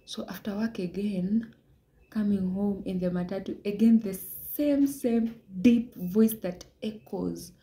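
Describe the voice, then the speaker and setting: A young woman giving an earnest personal testimony, often dropping into hushed half-whispers. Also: medium pitch, measured pace. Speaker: vlogger sharing a religious message.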